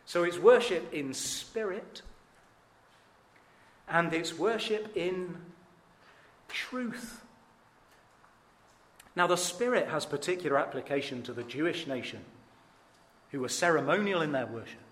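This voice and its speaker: A man's voice: lively intonation, unhurried, pauses often, a bit bright. Emphatic preacher man in an echoey hall. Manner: emphatic, earnest, with dramatic rises in pitch and volume. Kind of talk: sermon.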